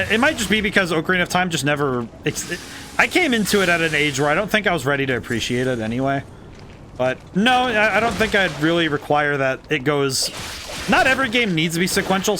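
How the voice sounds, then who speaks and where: A man's voice: on the high side, pushed and bright, a little hiss or hum. A man streaming a game, musing thoughtfully and rambling as he corrects himself mid-sentence. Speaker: game designer streaming gameplay. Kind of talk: casual livestream commentary.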